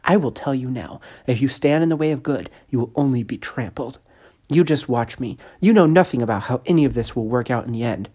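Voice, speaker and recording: A man reading a storybook aloud, voicing a calm, wise young heroine in an earnest, steady way. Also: mid-range voice, fairly quick, close to an everyday voice.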